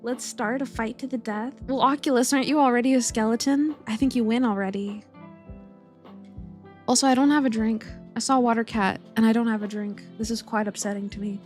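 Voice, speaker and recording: On a live stream from her room, a young woman with a high, bright voice chats casually and fairly quickly, her intonation fairly even. She rambles, restarts sentences and giggles while greeting viewers one at a time. Soft music plays faintly underneath.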